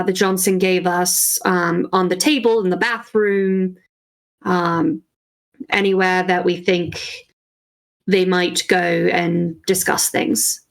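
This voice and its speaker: A woman player at a tabletop game, calmly talking through plans with a few fillers. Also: medium pitch.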